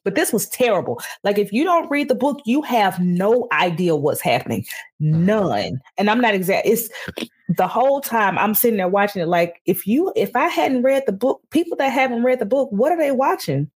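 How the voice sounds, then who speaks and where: A woman's voice: mid-range voice, expressive, normal speed, husky. A woman co-hosting a podcast in casual chat, ranting animatedly about TV and addressing listeners as y'all. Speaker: podcast co-host.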